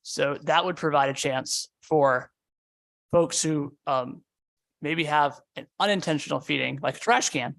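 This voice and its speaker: A man's voice: fairly high pitch, a little slow, vocal fry, a bit bright. A man, a deputy commissioner, answering questions at a public hearing with lots of fillers. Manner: hesitant, many fillers.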